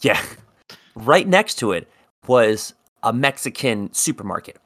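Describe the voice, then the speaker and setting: A man's voice: mid-range voice, sing-song, a little slow, fairly bright tone. A man from South Jersey co-hosting a podcast, telling a long rambling story in casual chat and swearing freely. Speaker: podcast co-host.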